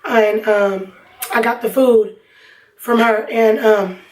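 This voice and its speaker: A woman's voice: on the high side, steady tone, takes it slowly, far from the mic, slight background noise, low-quality recording. A young woman vlogger telling a personal story in a casual, rambling way with lots of fillers. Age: young adult. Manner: chatty, rambling, many fillers.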